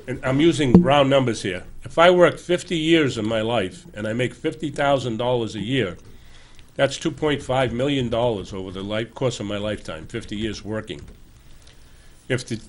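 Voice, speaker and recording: A man's voice: medium pitch, animated, normal speed. A man in his sixties hosting a show, giving an emphatic, earnest political commentary monologue in a loose, conversational way, often correcting himself as he goes. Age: 60s. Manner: earnest, emphatic, urging listeners. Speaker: show host.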